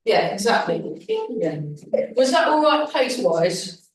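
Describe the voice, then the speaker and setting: A woman's voice: mid-range voice, slow. A woman leading a beginners' tai chi class, calling breathing cues and chatting between movements. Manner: calm breathing cues mixed with chatty asides. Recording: very echoey hall, mic far off.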